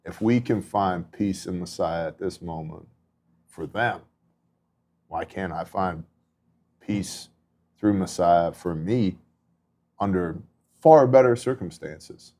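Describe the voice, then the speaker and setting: Low-pitched and mellow, he speaks slowly with long pauses. This middle-aged man hosts a podcast and volunteers in disaster relief, and in a casual faith discussion he tells earnest, conversational stories packed with asides.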